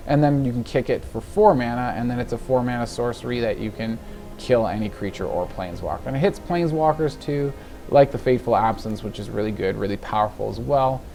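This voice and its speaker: A man's voice: medium pitch, a little mellow. A man hosting a card game video, rambling casually through his deck and gameplay and chuckling at his own slips. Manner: rambling, chatty, laughs at himself. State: yawning, a little tired. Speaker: gaming video host.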